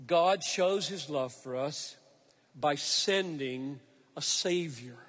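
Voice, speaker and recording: A male preacher with a notably high voice delivers an earnest, emphatic sermon. He slows down to lean on key phrases as he explains scripture. His voice carries a long reverb from a large hall. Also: fairly bright tone.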